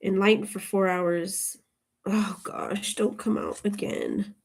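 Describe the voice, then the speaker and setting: In a slow, mid-range voice with fairly even intonation, a woman does an informal tarot reading for the camera. Chatty by nature, she strays into tangents and often laughs between remarks.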